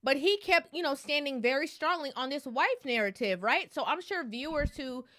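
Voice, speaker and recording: A woman's voice: high voice, expressive, normal speed, sharp tone. A woman co-hosting a podcast, casually explaining a viral clip with lots of "like" and "right?". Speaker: podcast co-host.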